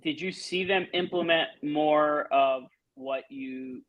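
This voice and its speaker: A man's voice: a little high, slow, dull audio. A man co-hosting a casual football watch-along, rambling with many fillers and questions. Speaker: co-host of a football show.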